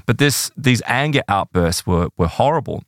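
A man casually telling a case story in conversation, animated and acting out the voices of people he quotes. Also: moderate pace, no room sound, clean studio sound. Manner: animated, acts out quoted voices with big pitch jumps. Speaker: podcast guest telling case stories.

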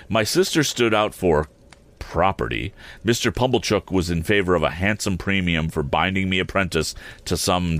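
Deep-voiced man narrating a classic novel. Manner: expressive, with occasional self-corrections. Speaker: audiobook reader.

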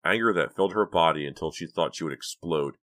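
A man narrating an audiobook in an even, measured storytelling manner. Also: rumbling low. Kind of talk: scripted narration.

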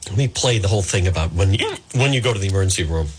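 A man's voice: low voice, expressive, rapid-fire, slight background noise. A male radio host, chatting live on air while fighting hiccups and apologizing with self-mocking humor. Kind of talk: live talk radio, casual.

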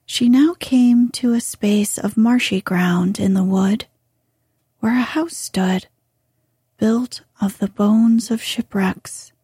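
Breathy whispering woman reading a story. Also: a little high, no room sound, clean studio sound. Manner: soft, slow, hushed whispering.

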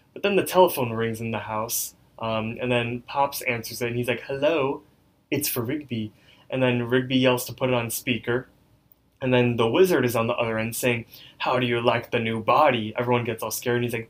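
Give me a young man co-hosting a chatty podcast, rambling through an episode recap. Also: medium pitch. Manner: loose recapping with many fillers. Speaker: podcast co-host. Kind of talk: casual episode recap chat.

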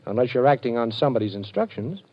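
A man's voice: medium pitch, natural voice. Guy doing a cool wisecracking detective, wry, dull old radio sound. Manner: wry, cool, quick with jokes. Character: wisecracking male private detective hero. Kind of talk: 1940s radio acting.

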